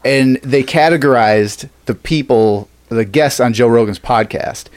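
Give me a man chatting loosely on a podcast, middle-pitched, with a fair bit of swearing. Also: a little slow. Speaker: podcast co-host. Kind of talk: casual chat.

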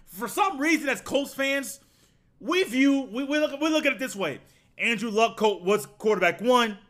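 A man hosting a solo sports podcast, telling a story with animated acted-out reactions. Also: very high voice. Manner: animated storytelling, acts out his own reactions.

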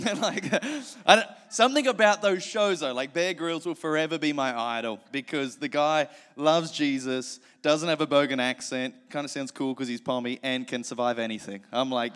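Earnest Australian pastor with a lifted voice. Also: male voice, a little high, moderate pace, hardly any pauses, fairly bright tone. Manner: earnest, then chatty and self-mocking. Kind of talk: sermon with scripture reading and prayer. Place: church service.

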